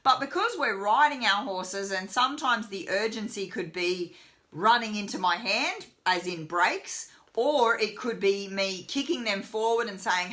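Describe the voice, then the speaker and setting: Bright-voiced woman teaching horsemanship. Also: medium pitch, a little slow. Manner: chatty, many fillers, voices the horse's thoughts. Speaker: horsemanship trainer. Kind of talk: live web lesson, casual teaching.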